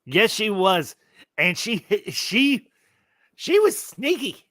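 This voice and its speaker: Guy in his 40s chatting movies, high bright voice, animated storytelling, dry sound. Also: takes it slowly. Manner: animated storyteller, acts out scenes. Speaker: movie review podcast co-host. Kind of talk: casual movie chat.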